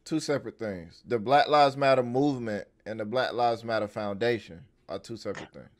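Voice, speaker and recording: Brief: male co-host, middle pitch, short plain replies. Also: fairly quick. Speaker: podcast co-host. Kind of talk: casual podcast talk.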